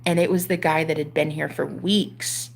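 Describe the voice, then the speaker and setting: A woman in her thirties, a spiritual coach, telling a personal story to her viewers in an animated, casual way, swearing freely. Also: sits low, moderate pace, creaky. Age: 30s.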